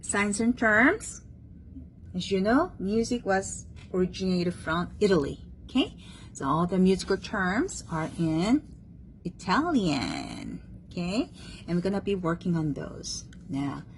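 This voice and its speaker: A woman's voice: mid-range voice, very animated, measured pace, a little hiss or hum, low-quality recording. A woman teaching a one-on-one music theory lesson, patient and checking understanding often, having the student repeat terms after her.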